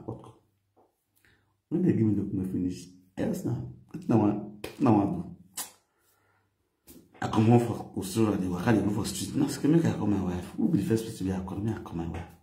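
Speaking Nigerian Pidgin English, this middle-aged man animatedly recounts a tale for his vlog audience, acting out dialogue and laughing often. The voice sits lowish with a dark tone, and there's noticeable reverb.

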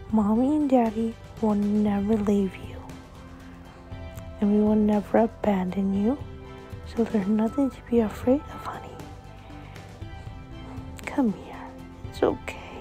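A woman voicing a loving young mother who comforts her child in a soft, often whispered voice. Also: a little high. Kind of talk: storytelling role-play.

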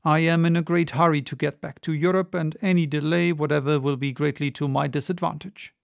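A composed English gentleman, formal and unhurried in his politeness, read by a male audiobook narrator. The voice is slightly high with a gravelly edge. It is recorded close and dry. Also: no echo. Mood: cool. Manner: calm, formal, precise.

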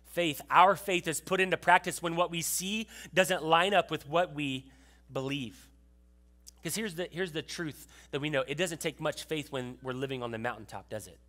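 Male pastor, sermon delivery, slightly high and bright voice, chatty with restarts. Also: moderate pace. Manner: conversational preaching with frequent restarts and asides to the congregation.

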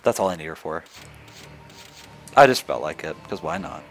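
A man's voice: sits low, big pitch swings, moderate pace, creaky, faint music behind. A man narrating his strategy game run in casual let's play commentary, swearing, trash-talking enemy units and laughing at his own jokes. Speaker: gamer.

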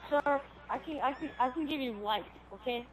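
A woman's voice: high voice, normal speed, a little hiss or hum, low-quality recording. A woman playing a swearing, threatening police officer in an improvised game role-play. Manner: bossy, swearing, threatening, shouty.

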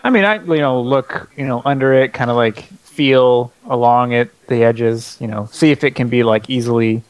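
A man's voice: mid-range voice, normal speed, no room sound. A man playing a thief in a tabletop game, speaking hesitantly with lots of fillers. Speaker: player. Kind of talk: tabletop role-play.

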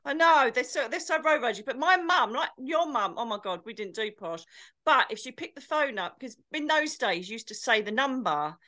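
A woman's voice: a little high, lively intonation, moderate pace, pushed and bright. A woman co-hosting a casual chat, telling stories animatedly and slipping into comic impressions. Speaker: co-host.

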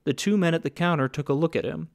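A man reading a story aloud as audiobook narrator, in plain, even storytelling. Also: a little high, quick pace, vocal fry. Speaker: audiobook reader. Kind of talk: scripted narration.

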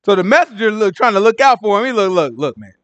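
Man, Bible study teacher, casual slangy retelling, slightly high voice, very dry sound. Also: quick pace, no room sound, muffled recording. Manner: animated retelling in slang, acting out the characters' dialogue.

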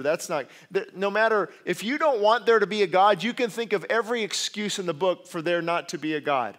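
Delivering a sermon a little fast, this pastor's voice sits high. He hammers home key words, gets louder when driving a point, and slips in casual asides and corrections of himself.

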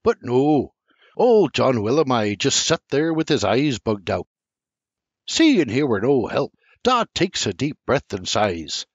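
An older man narrates a first-person audiobook in a folksy, animated storytelling manner. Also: medium pitch, takes it slowly, slightly rough, no echo. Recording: dry, slightly muffled recording.

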